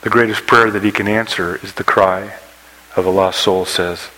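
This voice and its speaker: A man preaching a sermon, telling a story with rising excitement and dropping to a hush for quoted prayers. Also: normal speed, slight background noise, low-quality recording. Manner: storytelling preacher, acts out scenes with rising pitch. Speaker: pastor.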